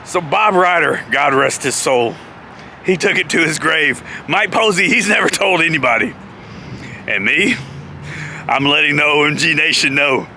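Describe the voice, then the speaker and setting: A man vlogging outdoors beside a parking lot, telling a story in a lively, laughing way through a lapel mic. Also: a little high, moderate pace, a little hiss or hum. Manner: animated, laughs often. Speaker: vlogger, former pro wrestler. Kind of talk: casual storytelling.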